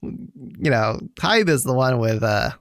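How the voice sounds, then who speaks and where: Lively gravelly man co-hosting. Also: medium pitch, slow, no room sound, studio quality. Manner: animated, laughing asides. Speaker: podcast co-host. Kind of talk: casual chat.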